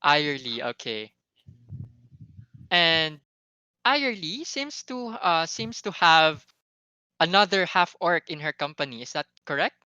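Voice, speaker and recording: A game master running a tabletop session, speaking slowly and hesitantly. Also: mid-range voice, big pitch swings, sharp tone, smooth, no echo, muffled recording. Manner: slow, hesitant with uhs.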